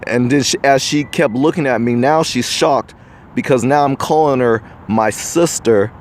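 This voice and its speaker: A man's voice: mid-range voice, moderate pace. An American man hosts his own show with an emphatic, preachy monologue aimed straight at the listener. His voice sits in an ordinary middle register. Faint street traffic hums behind him outdoors. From United States. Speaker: podcast host. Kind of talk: opinion monologue addressed to the viewer.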